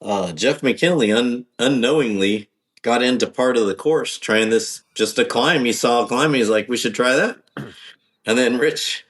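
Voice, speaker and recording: A man's voice: medium pitch, measured pace, fairly bright tone. A man guesting on a podcast, talking casually in a rambling, hesitant way with many ums and restarts. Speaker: podcast guest, off-road driver.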